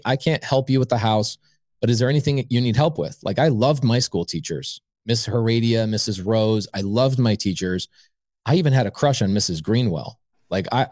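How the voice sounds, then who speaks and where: A real estate investor appears as a guest on an interview podcast, telling a long personal story and animatedly playing every person in the conversation. His voice is mid-range and the recording is dry.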